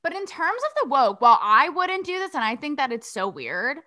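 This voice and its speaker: Young woman, podcast host, from Connecticut, sassy and blunt, swearing, rhetorical questions, sharp bright tone, slightly high voice. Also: very animated, brisk. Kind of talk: casual commentary monologue.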